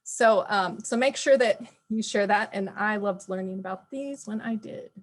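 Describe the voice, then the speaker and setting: A woman's voice: mid-range voice, moderate pace. A woman teacher presenting spelling patterns in an online meeting, explaining and correcting herself as she goes.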